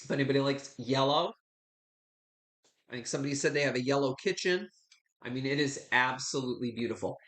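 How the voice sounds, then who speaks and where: Chatty bright-voiced man hosting a live sale. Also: mid-range voice, a little fast, pauses often, reverberant. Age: 50s. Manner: chatty, calls viewers honey and sweetie. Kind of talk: live online auction selling. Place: his home.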